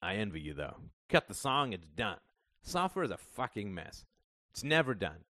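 A man's voice: lowish voice, very animated, moderate pace, bright, forceful tone, no room sound, clean studio sound. A man reading the part of a middle-aged father who rambles, wheedles and swears, worried about money. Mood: rambling.

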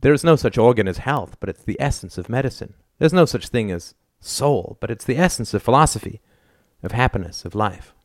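A man's voice: medium pitch, expressive, fairly quick, dry recording, studio quality, pitched above the performer's own voice, lightly acted. A man voicing an earnest, serious young scholar in an audiobook. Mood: grave. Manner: earnest, grave.

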